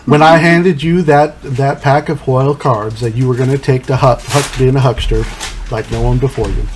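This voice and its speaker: A sinister mother drawls coaxingly through faint noise, as a man puts her on. She sweet-talks with mock fondness. Her pitch sits in the middle range. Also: steady tone, moderate pace, lightly acted. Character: sweet-talking sinister older mother, a witch.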